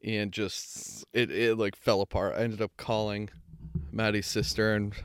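A man's voice: fairly low pitch, level tone, a little slow, clear, resonant tone, no room sound, clean studio sound. A young man co-hosting a podcast, telling a rambling story in casual chat, swearing freely and often correcting himself. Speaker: podcast co-host.

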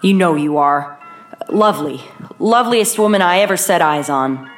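Woman reading as a nervous middle-aged man, timid, halting, low voice, faint music behind. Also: lively intonation, close to an everyday voice. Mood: eager. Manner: hesitant, halting delivery.

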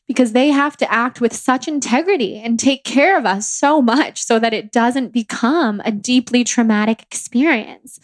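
A young woman talks alone into the mic, sharing a deeply personal story in a loose, heartfelt way, full of "like" and restarts. Her voice sits a little high. The sound is dry and close, with no room around it. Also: no room sound. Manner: casual, heartfelt, many "like" fillers. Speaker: podcast host.

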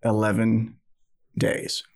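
A man from New City, a podcast guest telling personal stories in a lively, laughing way. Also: on the low side, slow. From New York City. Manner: animated, laughing storyteller who acts out scenes. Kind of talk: storytelling in a faith podcast interview.

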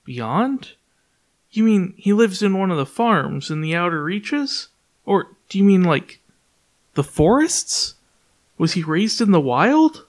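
A man's voice: high voice, sing-song, takes it slowly, pitched above the performer's own voice, heavily acted. A man reading the part of an anxious, earnest young woman with rising, pleading questions. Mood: bewildered.

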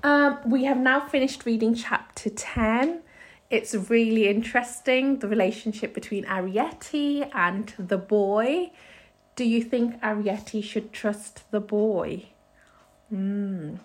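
A woman reading a storybook aloud as a teacher, taking turns with a listener and reading in an expressive way. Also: on the high side, slow pace.

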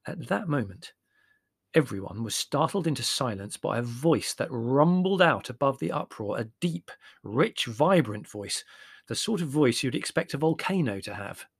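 A man narrating a memoir as an audiobook with wry, expressive storytelling. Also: mid-range voice, moderate pace, vocal fry, breathy edge, dry recording, studio quality.

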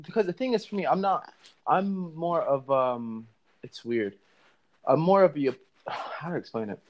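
A man's voice: on the high side, a little slow, highs cut off. A young man from Florida with a mixed American and British accent, a podcast guest chatting casually and laughing often. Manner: laughing, animated storytelling. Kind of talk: casual chat. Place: living in London.

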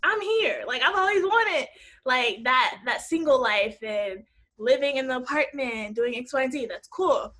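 A young woman in casual conversation, animated and quick to laugh, acting out little quoted scenes as she talks. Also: high-pitched. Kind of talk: casual chat.

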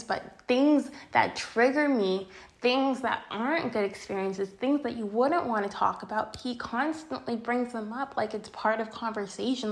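Exasperated young woman venting to viewers. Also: on the high side. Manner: venting, exasperated, lots of filler words and swearing. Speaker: storytime vlogger. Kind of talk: casual storytelling to viewers.

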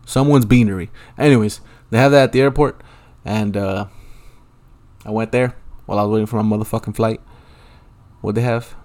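A man's voice: on the low side, steady tone, brisk, a little mellow. A young man hosting a solo podcast, rambling casually and swearing a lot in a laid-back way. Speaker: podcast host. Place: Los Angeles, at home.

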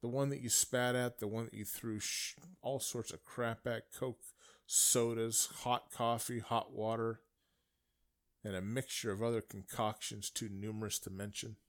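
A man delivering an indignant political rant, swinging between raised outbursts and low muttering asides. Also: little pitch movement, unhurried. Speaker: political commentator. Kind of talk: ranting monologue.

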